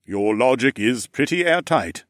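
A man's voice: medium pitch, expressive, measured pace, a bit bright, no room sound, clean studio sound, voice pushed up. A man voicing a jovial, knowing older ram lord with horns, who speaks in a teasing, slightly formal way. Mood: amused.

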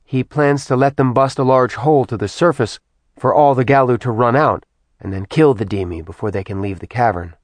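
A man's voice: medium pitch, a little fast, no room sound, voice pushed up, natural voice. A man voicing a determined young woman who briefs her team. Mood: brisk.

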